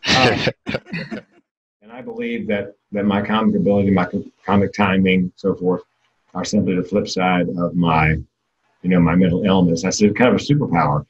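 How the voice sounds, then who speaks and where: A man's voice: low voice, steady tone, a little fast, a little mellow, lo-fi sound. A man in his sixties giving a comedic keynote talk, candid and darkly self-deprecating.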